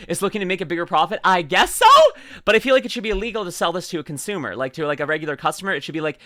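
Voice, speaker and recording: Woman streamer, bubbly and chatty; bright tone, dry close sound. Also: lowish voice, rapid-fire, no room sound. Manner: bubbly, silly, lots of fillers and put-on voices. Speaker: streamer reacting to videos. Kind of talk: casual reaction commentary.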